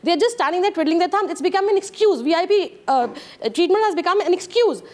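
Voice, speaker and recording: A woman's voice: very high voice, expressive, fast talker, a little mellow. A woman with an Indian English accent speaking as a guest on a television debate, earnest and frustrated.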